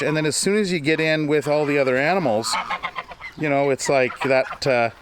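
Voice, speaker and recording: A man giving a relaxed walking tour of his farm, chatting, laughing often and greeting animals along the way. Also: fairly high pitch, moderate pace, noisy background. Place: outdoors on a farm, in woods and fields.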